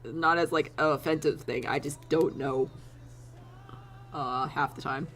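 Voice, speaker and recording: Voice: medium pitch, steady tone, a little slow, a bit bright. A streamer chatting casually to their chat, rambling with frequent laughs and casual swearing.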